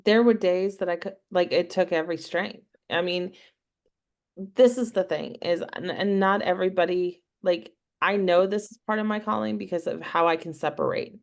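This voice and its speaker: Heartfelt woman guest with a gravelly, fry-heavy voice, casual and filler-laden, on a video call. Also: lowish voice, moderate pace. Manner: heartfelt, peppered with "like" and "you know". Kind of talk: casual interview chat.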